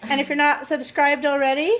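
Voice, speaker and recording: A woman's voice: high voice, little pitch movement, a little fast, a bit bright. Gushing motherly woman vlogger. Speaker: family vlog host, parent. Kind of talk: casual family vlog chat.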